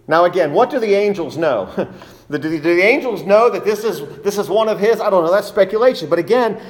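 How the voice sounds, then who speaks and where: A man preaching a sermon as pastor, emphatic, repeating key phrases and asking rhetorical questions. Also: a little high.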